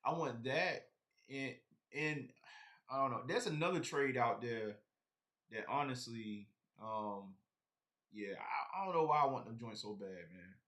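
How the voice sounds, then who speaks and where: A man's voice: medium pitch, expressive, a little slow, fairly bright tone. A man chatting casually on a live stream about his sneaker collection, rambling and talking straight to his viewers.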